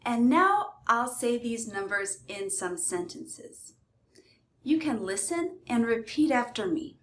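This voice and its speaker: Woman, pronunciation teacher, very slow and precise delivery, drill-style, echoey room. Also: on the high side, big pitch swings, a bit bright. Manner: deliberate, carefully stressed pronunciation. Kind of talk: slow, clear teaching with repeat-after-me drills.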